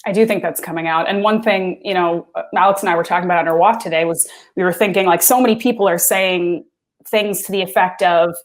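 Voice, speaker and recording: A woman's voice: fairly low pitch, fairly even intonation, fast talker. A woman co-hosting a podcast, chatting casually with many filler words. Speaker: podcast co-host.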